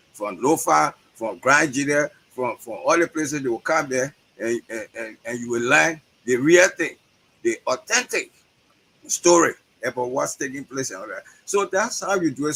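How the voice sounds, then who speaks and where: A man's voice: medium pitch, fairly bright tone, slight background noise, low-quality recording. A man with a Liberian accent, a guest educator speaking animatedly in an interview over a video call, often repeating words as he builds a point. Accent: Liberian English. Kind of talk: conversational interview.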